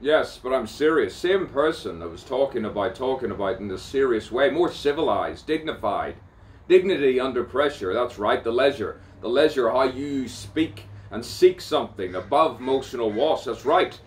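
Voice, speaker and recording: A man's voice: mid-range voice, lively intonation, moderate pace, distant mic. A man rambling in an improvised spoken-word monologue, theatrical, swearing freely and repeating words over and over.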